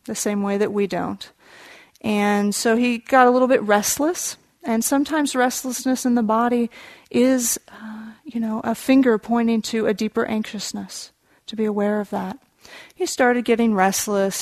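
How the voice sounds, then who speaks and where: A woman meditation teacher telling a story in a dharma talk, in a gentle, unhurried storytelling manner, explaining contemplative terms. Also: medium pitch, no echo.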